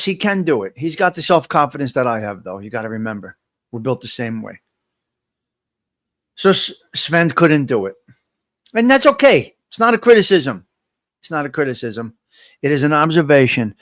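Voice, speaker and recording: Man, livestream host, higher-pitched voice, dry close mic, motivational, repeats himself, reads chat comments. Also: dry recording. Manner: motivational, repetitive, addresses viewers directly. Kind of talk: casual live morning chat, reading chat comments.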